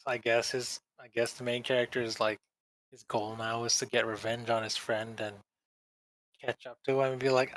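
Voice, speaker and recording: A man in a casual podcast chat, talking in a loose, rambling way full of slang and mid-sentence restarts. His voice is mid-pitched and recorded close and dry, with no room sound. He breaks into exaggerated impressions of characters now and then. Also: flat delivery, moderate pace, fairly bright tone, no echo, poor audio. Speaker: podcast co-host.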